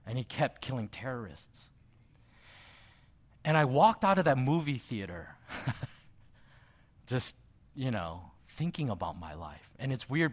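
A middle-aged male pastor with a medium-pitched voice tells a personal story during his sermon, keeping it conversational and adding soft asides.

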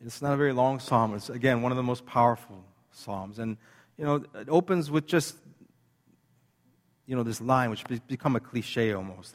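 A man preaching a sermon in an earnest, conversational way, slowing down to read scripture with emphasis. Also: medium pitch, big-room sound. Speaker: pastor.

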